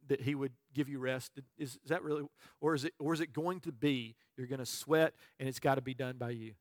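A male pastor preaching a sermon, telling a personal story in a conversational way with frequent restarts and moments where he drops to a soft, quiet voice. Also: mid-range voice, dry recording, clean studio sound.

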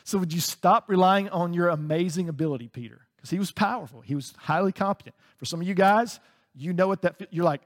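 A man preaching a sermon as a pastor, conversational and animated, often laughing between points. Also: fairly high pitch, fairly quick, in a large hall. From United States.

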